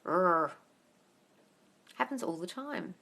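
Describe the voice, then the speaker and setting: A woman hosting a live question-and-answer stream as a manifestation coach, blunt and brisk, swearing freely and sounding exasperated. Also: on the low side, animated, gravelly, bright, forceful tone.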